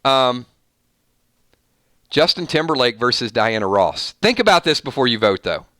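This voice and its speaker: A man hosts a live stream and playfully tallies viewer votes on music matchups. His voice is bright and crisp. It sits close and dry on the mic, with no room sound. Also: medium pitch, normal speed, no echo. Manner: playful, animated, reading out votes. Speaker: host.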